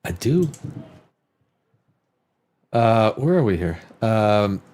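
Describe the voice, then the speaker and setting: Animated, profane male live-stream host. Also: fairly low pitch, drawn-out words. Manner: profane, rambling, animated, with many restarts. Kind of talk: casual live-stream chat.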